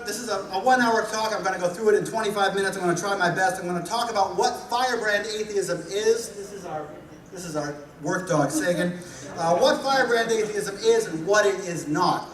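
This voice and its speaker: A man with a New Jersey accent giving a humorous conference talk, blunt and punchy, driving points home with repetition. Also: high-pitched. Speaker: conference speaker. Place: large hall. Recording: echoey hall recorded from a distance.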